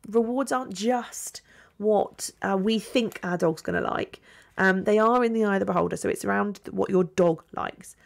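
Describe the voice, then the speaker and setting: A woman's voice: mid-range voice, normal speed, vocal fry. A middle-aged woman hosting a podcast as a dog trainer, talking casually with fillers and small laughs. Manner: chatty, with fillers and little laughs. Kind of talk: casual solo podcast talk.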